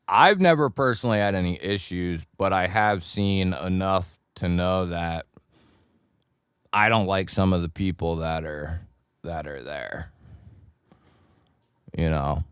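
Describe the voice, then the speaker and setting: Laid-back low-voiced livestream host man. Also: clean tone, dry recording, clean studio sound. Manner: greets chat viewers by nickname, laid-back and chummy. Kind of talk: casual live chat with viewers.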